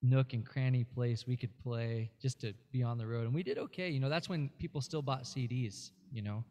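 A man's voice: medium pitch, fairly quick, mellow. A man appearing as a guest musician, telling a rambling story in casual interview chat, full of fillers and restarts.

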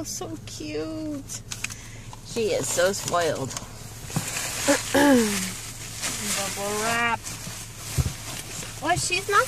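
A woman's voice: sits high, very noisy. A woman vlogger unboxing reborn dolls in casual chat, gushing and cooing as she talks.

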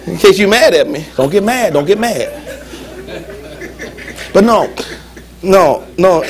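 A man preaching a lively, humorous sermon as pastor in a church, with call-and-response. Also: sits high, takes it slowly, pauses often. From United States.

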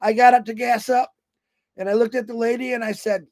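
A man's voice: very high voice, fairly even intonation, a little fast, darkish tone, no echo. A man in his fifties giving a rambling, folksy motivational talk on a livestream, telling road-trip stories. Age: 50s. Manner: folksy, storytelling, acts out quoted voices. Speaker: motivational speaker on a company livestream.

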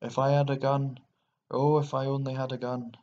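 A man voicing a hoarse, croaking old landowner who is frantic and indignant, on a dull lo-fi recording. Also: medium pitch, level tone, normal speed, darkish tone, close to an everyday voice. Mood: desperate. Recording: dull lo-fi recording with faint hiss.

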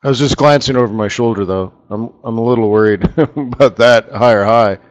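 Speaking a little fast in a mid-range voice, a middle-aged man leads a casual live forex trading webinar as market strategist. He rambles and chats, with asides about his on-screen tools, and the sound is lo-fi.

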